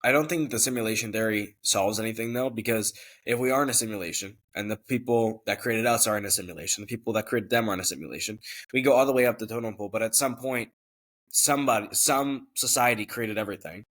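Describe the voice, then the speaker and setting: A man as interview guest, explaining his company quickly and matter-of-factly. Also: fairly low pitch, fairly bright tone. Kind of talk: casual conversational interview.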